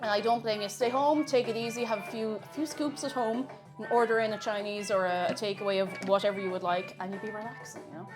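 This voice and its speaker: A woman's voice: mid-range voice, fairly even intonation, fast, music in the background. A young Irish woman chatting casually on a live cooking stream, reading out and answering viewers' messages. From Ireland. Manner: chatty, reads out chat messages.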